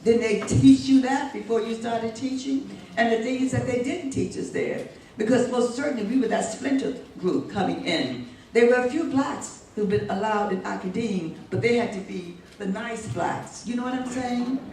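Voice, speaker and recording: An older woman recounts her memories with lively energy and frequent laughter, her fairly high voice carrying through a reverberant hall. She sounds distant from the microphone, with faint room noise underneath. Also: moderate pace. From United States. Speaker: poet being interviewed. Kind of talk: animated storytelling. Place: museum hall. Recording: echoey hall, distant mic.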